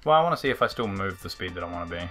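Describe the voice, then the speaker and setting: Excitable man doing lively game commentary. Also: low-pitched, racing. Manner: excitable, swears and laughs at the game. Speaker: let's play host. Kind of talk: casual gameplay commentary. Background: faint game music.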